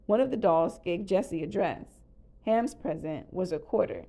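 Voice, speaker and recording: Lady reading a bedtime storybook, calm, lowish warm voice. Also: normal speed, creaky. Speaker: storybook reader. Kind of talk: children's read-aloud narration.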